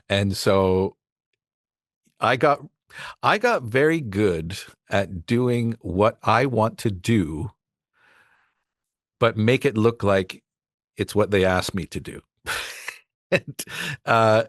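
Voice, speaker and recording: A man's voice: lowish voice, slow, pauses often, a bit bright, dry recording, studio quality. A male voice actor telling rambling anecdotes about his work in a casual podcast chat. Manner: rambling anecdotes with restarts and acted quotes. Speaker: voice actor guest.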